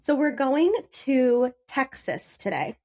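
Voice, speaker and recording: A woman's voice: high voice, very animated, slow pace, darkish tone. A young adult woman co-hosting a podcast, chatting casually with frequent laughs and swearing, then reading out history. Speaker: podcast co-host.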